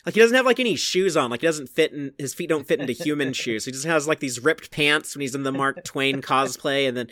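A man's voice: mid-range voice, fairly quick, hardly any pauses, fairly bright tone, no echo, studio quality. A man hosting a podcast in casual chat, reviewing a cartoon episode and filling his talk with "like". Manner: chatty, fills speech with "like". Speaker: podcast host.

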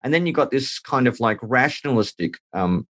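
A man hosting a podcast, asking questions in an animated, joking way during a casual discussion. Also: medium pitch, fairly quick, no room sound.

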